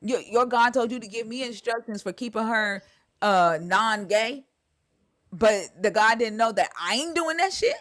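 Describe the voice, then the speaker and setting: A woman's voice: on the high side, normal speed. A woman in casual conversation, telling a story with lots of swearing and acted-out quotes. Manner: animated storyteller, swears freely, acts out quotes. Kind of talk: casual conversation about church experiences.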